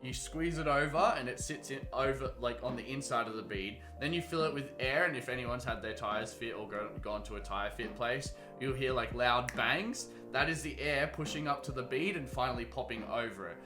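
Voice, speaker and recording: A young man talks his way through a gaming livestream at an ordinary mid pitch, rambling from one point to the next and swearing without a second thought. Background music plays steadily under his voice. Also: moderate pace, few pauses. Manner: rambling and chatty, reads chat aloud, swears freely. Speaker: gaming streamer. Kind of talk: casual livestream chat.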